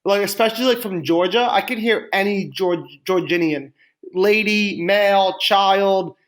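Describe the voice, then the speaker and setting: A man's voice: sits high, measured pace. A man co-hosting a comedy podcast, rambling and stammering through casual banter. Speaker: podcast co-host.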